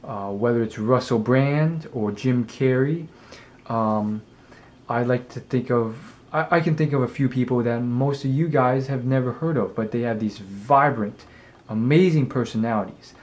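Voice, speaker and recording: A man in a casual vlog, speaking in a mid-range voice. He rambles and hesitates often, filling his pauses with ums as he works through his ideas. His pace picks up in quick bursts before slowing again. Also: medium pitch, a little mellow. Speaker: vlogger. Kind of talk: casual talk to camera.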